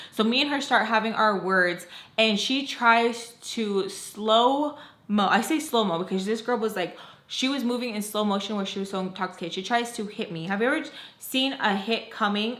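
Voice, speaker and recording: Woman, storytime vlogger, bright voice, rambling and emotional, echoey room. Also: on the high side, normal speed. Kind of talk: storytime vlog.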